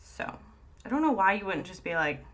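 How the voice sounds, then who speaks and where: A woman's voice: mid-range voice, sing-song, a little fast, fairly bright tone. A woman co-hosting a podcast, telling a story in a casual, chatty way and laughing often. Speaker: podcast co-host. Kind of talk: casual chat.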